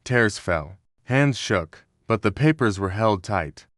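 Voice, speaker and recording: A man giving a scripted narration of a historical story in a steady, measured way. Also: lowish voice, no room sound, clean studio sound. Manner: steady, measured storytelling with quoted dialogue read in the same voice.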